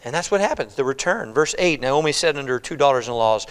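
A male preacher teaches through a Bible passage in an expository, conversational sermon, acting out the characters' lines as he reads. His slightly high, gravelly voice moves quickly with lively intonation and hardly any pauses. The church hall adds a long reverb.

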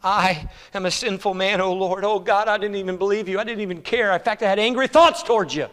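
A man's voice: high-pitched, fairly quick, clean tone. A preacher voicing a contrite, pleading fisherman. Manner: pleading, hushed. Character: remorseful fisherman confessing, adult man. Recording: echoey hall reverb.

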